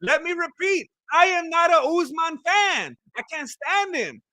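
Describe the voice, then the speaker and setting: A man's voice: very high voice, sing-song, measured pace, sharp tone, no room sound. A man giving casual, joking play-by-play of a live fight, rambling and repeating himself. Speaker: fight commentator. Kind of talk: casual live fight watch-along commentary.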